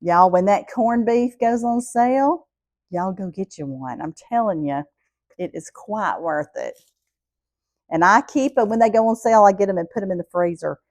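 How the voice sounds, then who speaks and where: A woman's voice: medium pitch, moderate pace, a little mellow, dry recording. Southern woman, middle-aged cooking host, homey and chatty, dry close sound. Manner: homey, chatty, addresses viewers as y'all. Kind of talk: casual cooking vlog.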